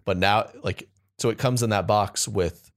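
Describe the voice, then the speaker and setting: A young man with a fairly low voice co-hosts a comedy podcast. He rambles through food stories in a loose, jokey way. His chat is casual and unscripted. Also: a little slow. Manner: rambling, jokey, slips into silly put-on accents. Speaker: podcast co-host.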